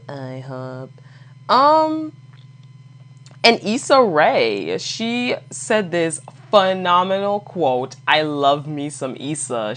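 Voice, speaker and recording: Very low-voiced blunt woman podcaster. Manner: blunt, profane, laughs often, animated asides. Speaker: podcast host. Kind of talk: casual solo podcast chat.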